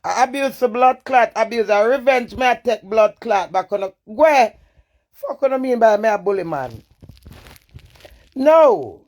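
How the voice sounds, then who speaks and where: A woman's voice: a little high, brisk, a little mellow. Jamaican woman ranting on a live stream, blunt and cussing, defiant one sec then emotional. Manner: blunt, profane, swings between defiant and emotional. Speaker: social media personality. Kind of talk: candid live-stream rant.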